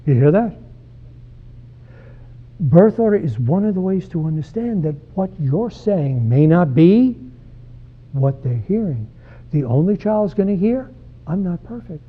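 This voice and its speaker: Older male psychologist, talk to parents, direct and conversational, husky, slightly high, tinny phone-like sound. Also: sing-song, a little slow, pauses often. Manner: conversational, direct, questions the audience. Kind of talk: lecture to parents. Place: church hall.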